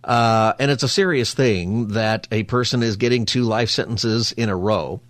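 Fast-talking, low-voiced male radio host. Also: dry recording. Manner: fast-talking, chatty, jokey asides. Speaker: radio talk show host. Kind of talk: casual radio talk. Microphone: studio microphone.

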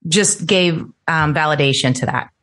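A woman's voice: low-pitched, normal speed, a bit bright. A middle-aged woman, an interview guest, telling her personal story earnestly and lifting her voice when she quotes people.

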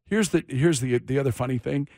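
A man's voice: medium pitch, a little fast, no room sound, clean studio sound. A middle-aged man hosting a morning radio show, telling a story with lots of acted-out quotes and running a caller survey. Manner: animated storyteller acting out quotes. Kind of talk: casual radio banter and storytelling.

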